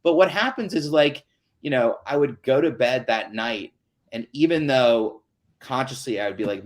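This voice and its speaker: A man's voice: mid-range voice, expressive, normal speed. A man hosting an online town hall, talking in an earnest, chatty way with many fillers over a video call. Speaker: host.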